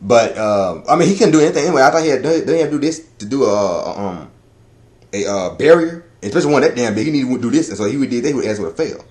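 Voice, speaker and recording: A man giving a casual chapter review, talking in a loud, profane, rambling way that is full of laughter. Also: medium pitch, animated, fast talker. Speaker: anime and manga reviewer.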